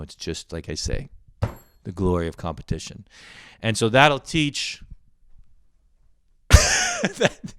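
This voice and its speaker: A man's voice: fairly low pitch, dry recording, studio quality. A man ranting in a profane, rambling, mock-angry stand-up style. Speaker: comedian.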